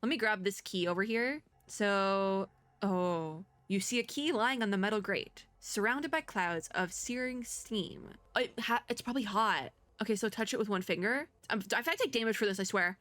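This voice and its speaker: A woman doing let's play commentary, reading game text aloud and chatting in an excitable, nervous way. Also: mid-range voice, a little fast, no room sound. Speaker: gaming video creator.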